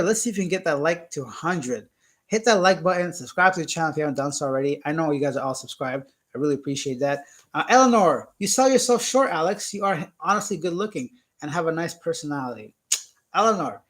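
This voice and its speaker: A man's voice: on the high side, animated, fast, fairly bright tone. A young man from Canada hosting a casual live stream, reading viewer comments aloud and joking around. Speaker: YouTube channel host.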